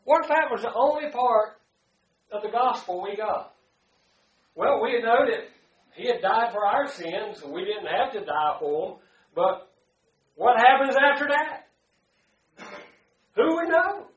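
A man preaching a sermon to a congregation, swinging from loud to hushed and calling out to the room. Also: very high voice, expressive, unhurried, long pauses, echoey room, dull audio. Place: church before a congregation.

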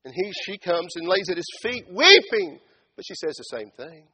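Male preacher, husky and fairly high, big dynamic swings from hushed asides to shouting, mocks biblical characters' voices in a church sermon. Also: animated, fairly quick. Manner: swings between loud shouted build-ups and quiet low asides; acts out biblical speakers in mocking tones.

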